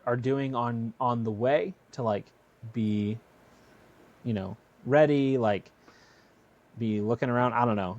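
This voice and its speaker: A man's voice: mid-range voice, a little mellow, dry recording, muffled recording. A man running a tabletop game as game master, narrating hesitantly with lots of fillers. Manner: hesitant, rambling with many fillers.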